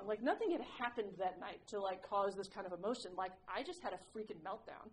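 Woman rambling thru her recovery story, frank n self-mocking, lots of likes, normal pitch, bit of hiss behind. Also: lively intonation, fast, rough recording. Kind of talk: personal recovery share to a group.

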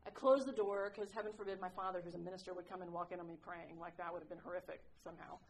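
A woman's voice: on the low side, fairly even intonation, fast, slight background noise, rough recording. A woman sharing her recovery story with a group, candid and self-mocking, rambling with lots of "like"s. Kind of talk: personal recovery share to a group.

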